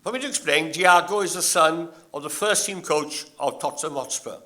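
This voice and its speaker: An older man giving a graduation address in a slow, measured and anecdotal manner. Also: a little high, bright, forceful tone. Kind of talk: ceremonial speech.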